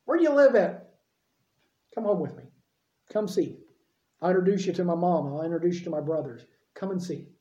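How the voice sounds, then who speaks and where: A calm, welcoming teacher, voiced by a male preacher speaks in a gentle, casual, inviting way. The tone is mellow and soft-edged. It rings a little in a roomy space. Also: sits high, brisk, pauses often, lo-fi sound, close to an everyday voice. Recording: roomy echo.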